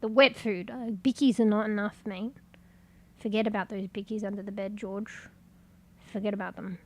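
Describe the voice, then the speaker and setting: A woman's voice: medium pitch, steady tone, moderate pace, lightly acted. Woman voicing a whiny grumbling house cat.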